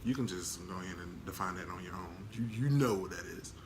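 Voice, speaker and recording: A man's voice: deep voice, fast, background noise. A man talking casually to camera in a blunt, candid, slangy way, laughing now and then. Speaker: vlogger.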